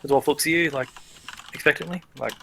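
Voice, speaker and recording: A man's voice: fairly high pitch, fast talker, creaky, fairly bright tone, a little hiss or hum. A man narrating as game master of a tabletop role-playing game in a casual, stop-start way. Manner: casual, many fillers and restarts.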